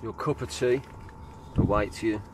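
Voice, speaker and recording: A man with an English accent chatting casually and excitably in his drone vlog, swearing freely. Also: on the low side, measured pace. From England. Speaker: FPV drone vlogger. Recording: loud background noise.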